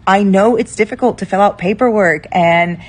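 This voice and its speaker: Blunt husky-voiced woman giving advice. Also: mid-range voice, normal speed. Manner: blunt and emphatic, repeats for stress. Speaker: advice-giving personality in a played clip. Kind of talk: casual advice monologue.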